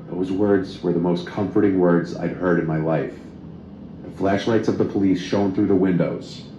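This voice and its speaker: A man narrating a true horror story in a steady, even reading voice. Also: low voice, noisy background. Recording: roomy, slightly dull, faint music.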